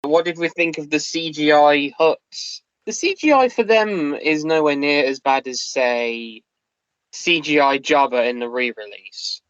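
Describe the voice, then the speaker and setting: A man's voice: fairly high pitch, animated, unhurried, a bit bright, no echo. Rambling man on a dull, dry line. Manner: rambling, hesitant, lots of fillers. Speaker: podcast co-host. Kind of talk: casual review chat.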